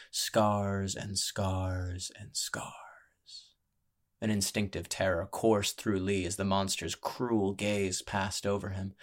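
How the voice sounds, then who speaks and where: A man narrating a fantasy story in a measured, hushed, dramatic manner. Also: low voice.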